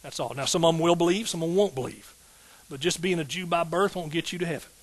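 A man's voice: a little high, quick pace, low-quality recording. A middle-aged man, a pastor preaching a sermon in an emphatic call-and-response style with rising outbursts.

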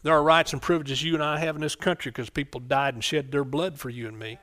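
A middle-aged man preaches with a voice pitched a little above most men's. He is fervent and keeps calling out for amens. He drops to quiet asides, then rises into loud bursts. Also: steady tone, fast talker. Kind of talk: sermon.

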